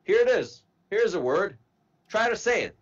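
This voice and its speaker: A man teaching medical terminology to a class, slowly spelling out word parts and asking students to repeat. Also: high-pitched, sing-song, muffled recording. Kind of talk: classroom lecture.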